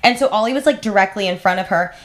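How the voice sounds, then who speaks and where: A young woman co-hosting a podcast, telling a story in a gushing, animated way and acting out the quotes. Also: mid-range voice, fast. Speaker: podcast co-host. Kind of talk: casual storytelling chat.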